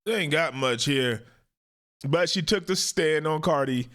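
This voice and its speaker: A man hosting casual commentary on a court video, animated and drawling, often jumping into high mocking impressions. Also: a little slow. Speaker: host.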